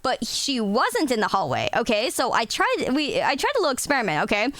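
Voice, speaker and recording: A woman's voice: on the high side, wildly swooping pitch, a little fast, fairly bright tone, no room sound. A young woman streamer chatting casually with her viewers, laughing often and swearing freely. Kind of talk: casual chat.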